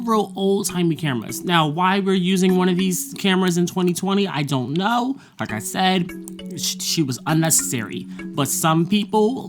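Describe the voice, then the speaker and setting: A vlogger talking casually about a semester, blunt and profane, with frequent laughter. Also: mid-range voice. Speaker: vlogger recapping a college semester. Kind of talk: casual monologue.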